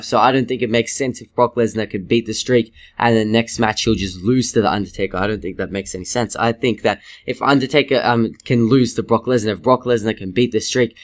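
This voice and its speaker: A man giving a casual, rambling video review, excitable and swearing freely. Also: lowish voice. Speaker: wrestling reviewer.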